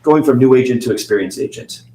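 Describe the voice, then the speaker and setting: Man, sales coach, leads the meeting, asks open questions, middle pitch, echoey room. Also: fast, dark tone. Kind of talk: team meeting discussion.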